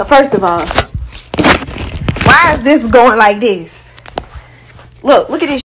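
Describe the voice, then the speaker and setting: A woman's voice: a little high, expressive, takes it slowly, fairly bright tone, a little hiss or hum. A young woman talking frustrated to her viewers in a casual vlog. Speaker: vlogger.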